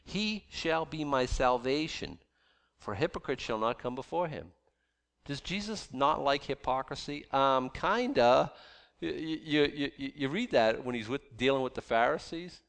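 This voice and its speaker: A man's voice: mid-range voice, expressive, measured pace, creaky, a bit bright. A man preaching a sermon in a conversational way, often restarting and repeating words as he goes. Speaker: pastor.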